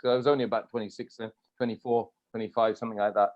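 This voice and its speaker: A man hosting an interview, telling an animated personal story in a casual, chatty way. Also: on the low side, very fast. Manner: animated anecdotal storyteller, laughs often. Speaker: host. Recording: dull lo-fi audio.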